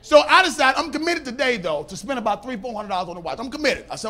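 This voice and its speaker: A stand-up comedian with a very high voice, telling a story in a lively way. He keeps laughing and shouting into his punchlines. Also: fast talker.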